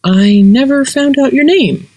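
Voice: sits high, expressive, unhurried, a little mellow, dry recording, pitched above the performer's own voice, heavily acted. A narrator voicing a pregnant young woman who is stubborn, practical and wry, in a dry, close audio story.

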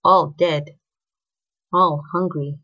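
A woman reads a story aloud with expressive narration. Her voice is low and husky. The recording is dull and lo-fi. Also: extremely slow.

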